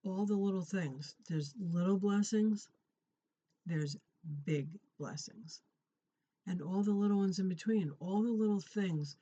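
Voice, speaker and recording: A middle-aged vlogger shares a personal prayer testimony in an earnest, conversational way. Phrases are often repeated and restarted. The audio is a little dull and lo-fi, and the pitch sits in a middle range. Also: measured pace, mellow. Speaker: Christian encouragement vlogger. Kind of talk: personal testimony and faith encouragement.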